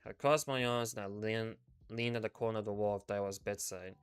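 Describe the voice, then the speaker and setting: A male streamer reading a game story aloud in first person, in a subdued, low-key way with casual swearing. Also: fairly even intonation, fairly quick, clear, resonant tone. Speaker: VTuber streamer.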